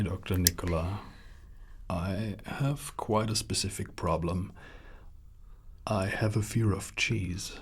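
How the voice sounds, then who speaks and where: Man as an anxious patient, very deep and raspy, slow and earnest. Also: heavily acted. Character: anxious male patient afraid of cheese.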